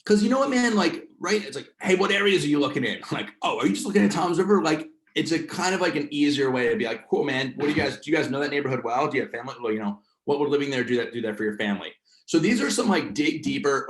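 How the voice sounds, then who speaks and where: A man's voice: mid-range voice, echoey room. Casual slangy man with New Jersey accent. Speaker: host leading a real estate training session. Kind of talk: casual coaching talk.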